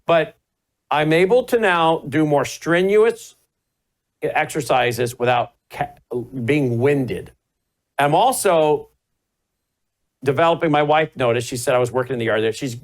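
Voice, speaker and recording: A man's voice: a little high, animated, measured pace. A middle-aged man hosting a talk show, telling rambling stories in casual chat and correcting himself as he goes. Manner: rambling storyteller, self-correcting.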